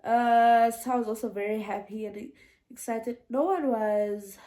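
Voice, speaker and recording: A woman's voice: on the high side, a little slow, warm tone. A young woman telling a casual storytime vlog, chatty and meandering, often restarting and laughing. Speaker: vlogger.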